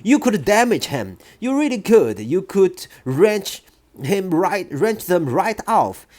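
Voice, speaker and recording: A gentle young woman teacher begs for mercy in a voice pitched far above the reader's own, as a reader puts her on. Her pleas rise and fall widely and come out slowly. It is a soft, worried storybook teacher. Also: very animated. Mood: pleading. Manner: pleading, begging. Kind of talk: audiobook reading.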